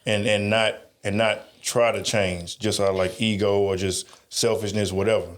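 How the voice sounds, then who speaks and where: A man's voice: lowish voice, flat delivery, moderate pace. A man co-hosting a podcast, talking in rambling, emphatic runs with frequent restarts and asides. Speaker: podcast co-host. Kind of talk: casual podcast chat.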